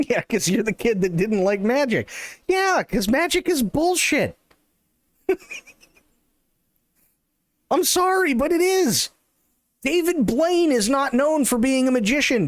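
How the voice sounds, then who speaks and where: A man's voice: very high-pitched, no echo. A male streamer ranting in casual, profane, sarcastic chat on a live stream.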